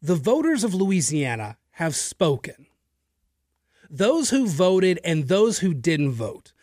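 A man's voice: a little high, big pitch swings, slow, darkish tone, no echo, studio quality. A male radio talk show host giving an emphatic, opinionated political monologue straight to his listeners, with the odd filler and repeated word. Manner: occasional filler and repeated words. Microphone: studio microphone.

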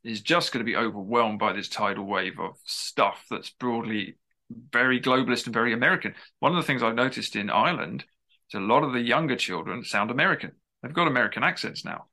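A man's voice: medium pitch, sharp tone. A man being interviewed as an author, talking at length in an emphatic, discursive way with frequent restarts. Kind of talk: conversational interview.

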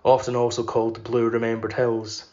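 A man hosting a podcast, giving a measured literary reading and chatting loosely between readings. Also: mid-range voice, completely flat delivery, warm tone. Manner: measured, unhurried reading; loose and filler-heavy when chatting. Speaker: podcast host reading aloud. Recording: roomy, slightly dull recording.

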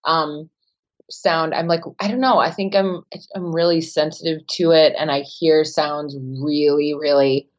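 A woman with a softened American Wisconsin accent, talking casually as a podcast guest with low, unsung intonation. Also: steady tone, measured pace, dull audio. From Wisconsin, United States. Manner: low, not sing-songy intonation. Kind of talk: casual conversation.

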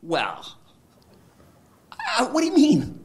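A man's voice: very high-pitched, wildly swooping pitch, takes it slowly, a little hiss or hum. A man in a candid conversation, rambling with many fillers and restarts and acting out quoted dialogue. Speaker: interviewee.

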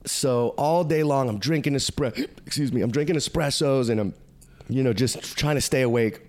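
Profane, animated male storyteller. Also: mid-range voice, normal speed. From United States. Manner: animated, profane, acts out quoted voices. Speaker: podcast guest. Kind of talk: casual storytelling.

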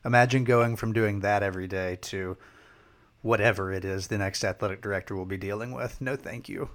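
A man's voice: fairly low pitch, steady tone, fairly quick, fairly bright tone. A man co-hosting a casual sports podcast, making wry, dry remarks. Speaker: podcast co-host.

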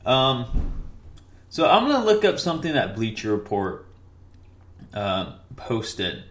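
On his casual solo sports podcast, a young man speaks slowly but very animatedly in a medium-pitched voice, with a little hiss or hum in the recording. He rambles, uses many fillers, and corrects himself often.

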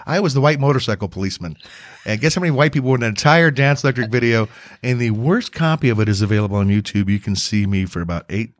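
A man's voice: mid-range voice, fast talker, no echo, clean studio sound. A man with a faint Southern accent hosting a casual interview, joking, teasing and heaping praise on his guest. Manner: jokey, teasing, effusive with praise. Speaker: podcast host.

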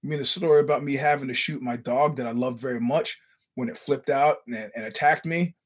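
A middle-aged man hosting a casual chat, telling stories in an animated, profane way and acting out what people said. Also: medium pitch, fairly quick. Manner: animated storyteller, swears, acts out quotes. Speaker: podcast host. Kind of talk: casual fight-talk chat.

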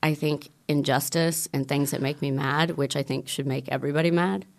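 A woman's voice: deep voice, steady tone, moderate pace, gravelly. A woman speaking as an author guest in a casual interview, frank and outspoken, often trailing off and restarting.

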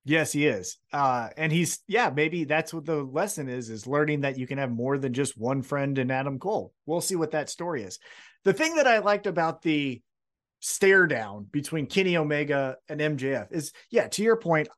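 A man's voice: fairly high pitch, lively intonation, moderate pace, a bit bright. A man co-hosting a wrestling podcast in casual chat, recapping with acted-out quotes and swearing. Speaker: podcast co-host.

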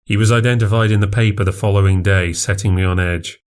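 Low-voiced man narrating a horror story. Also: fairly even intonation, quick pace. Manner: confessional, plainspoken. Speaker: podcast narrator.

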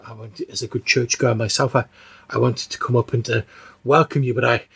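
A man's voice: mid-range voice, steady tone, brisk, vocal fry, fairly bright tone, husky, exaggerated voice. A man voicing a frail, fussy old female churchgoer who stammers and repeats words, out of breath. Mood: flustered.

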